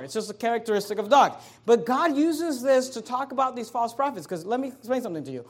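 A male pastor preaching a sermon, slowing and rising on key phrases, with chatty asides and repeated verse references. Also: very high-pitched, lively intonation. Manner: emphatic preaching, slows and rises on key phrases.

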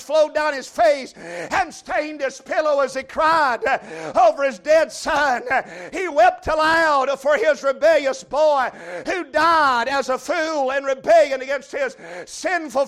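A man preaching a fiery revival sermon in a church. He shouts his lines and fills the pauses with drawn-out "uh"s. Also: extremely high pitch. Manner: shouting, with frequent drawn-out "uh" fillers.

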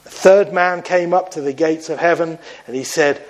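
A man preaching an evangelistic sermon. He talks earnestly, slowing down and growing softer when he appeals to his listeners. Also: on the high side, poor audio. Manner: tells a parable with lifted, animated quoted voices.

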